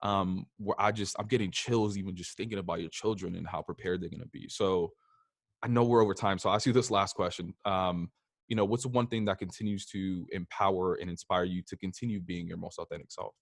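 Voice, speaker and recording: Brief: very low-voiced man, podcast host, reflective anecdotes, dry close sound. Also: fairly even intonation, fairly quick, creaky, dry recording. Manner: reflective, shares personal anecdotes with frequent fillers. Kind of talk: casual interview talk.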